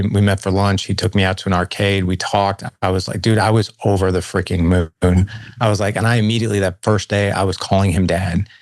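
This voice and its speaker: A man's voice: sits low, dry recording, clean studio sound. A middle-aged man from St. Louis, a podcast guest telling a personal story candidly, often acting out quoted dialogue. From St. Louis, USA.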